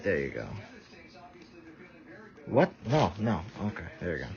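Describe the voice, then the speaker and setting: A man's voice: low-pitched, wildly swooping pitch, measured pace, creaky, a little mellow. A tired man giving rambling casual live commentary, stumbling over his words. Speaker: vlogger. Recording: dull lo-fi audio.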